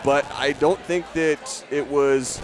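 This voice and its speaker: A man's voice: fairly high pitch, fairly even intonation, slow, a crowd in the background. A man doing live fight commentary, chatty and upbeat, often stumbling and restarting his sentences.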